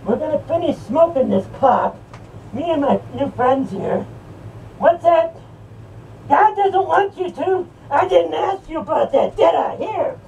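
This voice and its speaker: A sneering male horror ghoul, put on by a woman, jeers and taunts, his high voice grinding with gravel as he breaks into shouts and cackles. He sounds set back from the mic, with a faint hiss of noise around him. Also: expressive, measured pace, recorded from a distance, heavily acted, low-quality recording. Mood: taunting. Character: sneering male horror character mocking a church. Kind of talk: improvised character rant.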